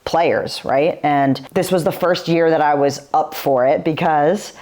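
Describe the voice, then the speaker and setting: A woman's voice: sits low, unhurried, a little mellow. A woman in her forties, a retired pro footballer, telling stories as a guest in a podcast interview, talking in a chatty, filler-heavy way.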